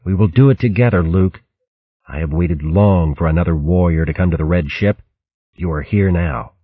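A man's voice: low-pitched, moderate pace, no room sound. A man voicing a fierce, scarred female squirrel warrior who speaks in grim, vengeful vows in a storybook reading. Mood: resolute. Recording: dull dry audiobook recording.

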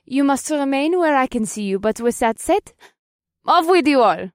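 A woman voicing a poised, encouraging female witch professor in audiobook dialogue, clear and measured. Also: high-pitched, lively intonation, dry recording, clean studio sound. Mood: instructive. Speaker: voice actor.

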